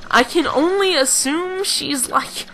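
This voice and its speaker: This let's play commentator has a high-sitting voice with a sharp tone. Her gameplay talk is loose and rambling, full of self-mocking jokes and frequent giggles.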